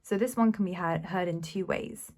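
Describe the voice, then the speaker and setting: This woman teaches beginner Mandarin with a fairly low, slightly mellow voice at a moderate pace. Her explanations are patient, and she enunciates syllables with care in a slow, clear lesson.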